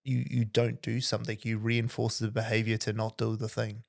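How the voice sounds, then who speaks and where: A man's voice: fairly low pitch, brisk, vocal fry. Chatty man telling a story. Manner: energetic, says "like" constantly. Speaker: podcast host. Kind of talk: casual conversational storytelling.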